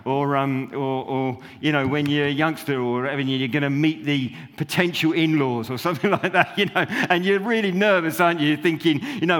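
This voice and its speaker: A man gives a relaxed, conversational sermon, wandering through his points with lots of "you know" and small laughs. His voice sits a touch high for a man. The sound carries the long reverb of a church hall. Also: brisk, hardly any pauses. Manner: chatty, rambling, self-interrupting with fillers and laughs. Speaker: preacher. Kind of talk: informal sermon.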